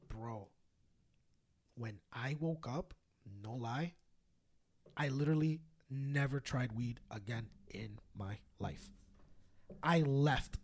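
A young man co-hosting a podcast, telling a story in casual chat, animated and swearing, often laughing. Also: mid-range voice, slow pace, pauses often. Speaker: podcast co-host.

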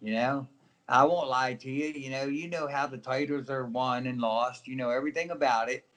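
A middle-aged man, a professional wrestler, telling animated stories in a casual interview, acting out the people in them and laughing often. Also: mid-range voice, normal speed.

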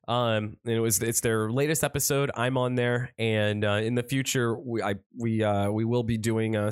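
A man's voice: fairly low pitch, clear, resonant tone, dry recording, studio quality. A man co-hosting a podcast in loose, joking casual chat, swearing now and then. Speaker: podcast co-host. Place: Buffalo, New York.

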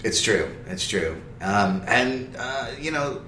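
A man from Kansas co-hosting a comedy podcast, rambling with stammered restarts and deadpan jokes. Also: fairly low pitch, slow pace, echoey room, slight background noise. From Kansas, USA. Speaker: podcast co-host. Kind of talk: casual comedic chat.

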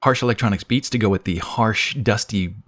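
A man's voice: lowish voice, fairly quick, a bit bright. A man hosting a casual podcast chat, playful and laughing often as he reads through a list. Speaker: podcast host.

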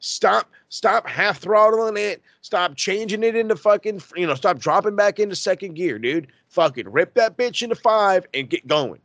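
A man's voice: high voice, expressive, normal speed, few pauses, a bit bright, no echo. A man hosting a casual wrestling podcast, ranting in a fired-up way and swearing constantly. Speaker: podcast host.

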